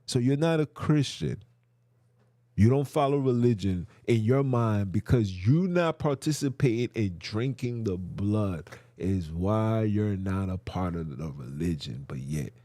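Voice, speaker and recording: A man's voice: fairly low pitch, dark tone, no echo, clean studio sound. A man hosting a podcast, telling a story in a heated rant. He fires off rhetorical questions and uses street slang. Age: adult. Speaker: podcast host. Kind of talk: ranting monologue.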